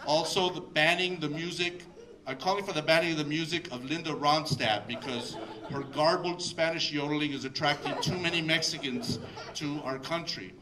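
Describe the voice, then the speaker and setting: A man's voice: on the high side, lightly acted, low-quality recording. A man putting on a snarling, mock-evil anti-immigrant spokesman with a fake accent, making pompous demands. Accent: put-on fake accent.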